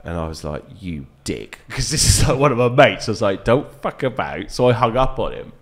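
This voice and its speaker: A man, a dart reviewer guest, chatting casually on a podcast and telling animated stories with frequent laughs and fillers. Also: mid-range voice, quick pace. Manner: animated storyteller, laughs often, lots of fillers.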